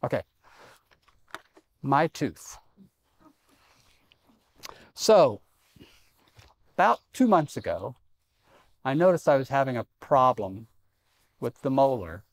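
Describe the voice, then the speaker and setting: A man's voice: mid-range voice, animated, takes it slowly, pauses often. A middle-aged man preaching a sermon in a church, conversational and self-deprecating with humor. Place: church sanctuary.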